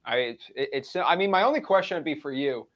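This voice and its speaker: A man hosting a casual chat, talking in a relaxed way with hesitant restarts. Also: a little high, quick pace. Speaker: show host. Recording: dull, muffled sound.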